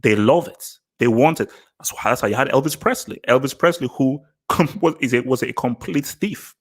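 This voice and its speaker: A man's voice: medium pitch, normal speed. A man hosting his own vlog, giving casual opinion commentary in an emphatic way, repeating phrases and restarting sentences. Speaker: vlog host.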